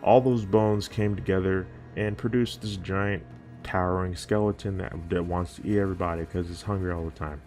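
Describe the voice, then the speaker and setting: A man's voice: sits low, steady tone, moderate pace, darkish tone, faint music behind. A man talking casually to camera, rambling and profane, often restarting his sentences. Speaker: youtuber. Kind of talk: casual video commentary.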